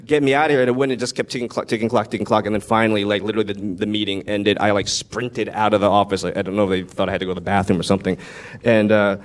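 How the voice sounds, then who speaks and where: A man's voice: on the low side, rapid-fire. A man, a screenwriter guest at a Q&A, telling stories casually, acting out quotes, swearing and laughing often. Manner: animated, profane, acts out quotes, laughs often. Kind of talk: casual anecdotal storytelling. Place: live Q&A event.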